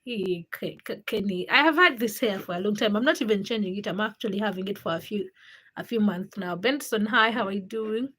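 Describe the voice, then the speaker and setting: A Ugandan woman hosts a casual livestream, reading viewer comments, greeting people by name and teasing them. Her mid-range voice is brisk, husky and fairly bright in tone.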